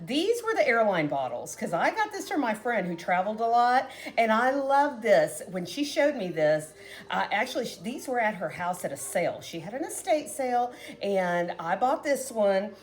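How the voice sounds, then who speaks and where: Chatty woman home cook hosting her own vlog, folksy, higher voice that bounces around a lot. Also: big pitch swings, moderate pace. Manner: chatty and folksy, talking straight to viewers. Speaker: home cooking vlogger. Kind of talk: casual cooking demonstration.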